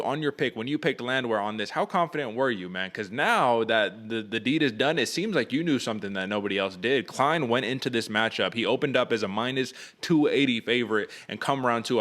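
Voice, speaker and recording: A man co-hosting a podcast, giving an energetic, casual breakdown of a fight and saying "man" often. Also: mid-range voice. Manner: energetic, says "man" a lot. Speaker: podcast co-host.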